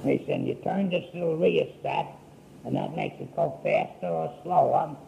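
A man's voice: fairly high pitch, creaky, warm tone, a little hiss or hum, poor audio. An older man telling his life story in a folksy, rambling way, acting out what people said. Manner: folksy, unhurried, acts out quoted speech.

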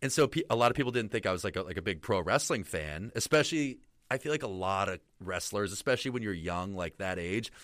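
Bright-voiced man telling a story. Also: on the low side, fast talker, hardly any pauses, no echo, clean studio sound. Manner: animated, rambling with many fillers. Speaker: guest, professional wrestler. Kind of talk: casual storytelling interview.

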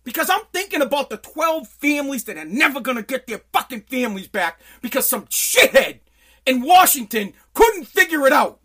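High, bright-voiced ranting man. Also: very animated, normal speed, slightly rough. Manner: profane, shouting in bursts. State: sweating. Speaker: podcast host. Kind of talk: angry political rant. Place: home basement.

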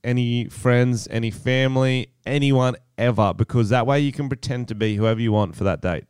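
A man's voice: mid-range voice, normal speed, a little mellow, smooth, no echo, clean studio sound. A young Australian man co-hosting a podcast, bantering playfully in casual chat. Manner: playful, banter, guessing jokes. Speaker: podcast co-host.

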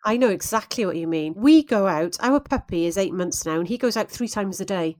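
A woman's voice: medium pitch, animated, fairly quick, darkish tone. A British woman co-hosting a podcast in casual, conversational chat with eager interjections. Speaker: podcast co-host.

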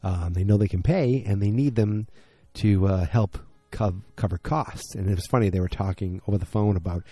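A man's voice: lowish voice, moderate pace, dark tone, dry recording. A tired man hosting a podcast late at night, rambling through a casual episode recap and correcting himself as he goes. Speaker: podcast host.

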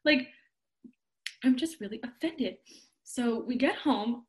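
A woman chatting casually, telling a story in an animated way, acting out quotes and laughing often. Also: fairly high pitch, slow pace. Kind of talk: casual chat.

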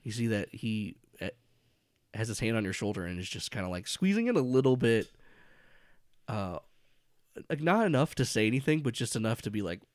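A man's voice: on the low side, big pitch swings, brisk, no echo, clean studio sound. A man running a tabletop horror game as game master, narrating casually with lots of fillers and frequent laughs. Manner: rambling, laughs often, many fillers.

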